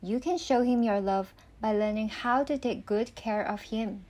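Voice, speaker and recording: A woman's voice: fairly high pitch, a little slow, dark tone. A woman reading a kind, reassuring mother.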